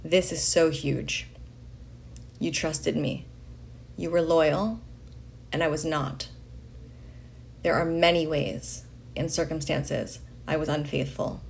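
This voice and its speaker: A woman reading a letter aloud in a slow, deliberate way, pausing between phrases. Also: low voice, creaky, a little mellow. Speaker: reader of a letter.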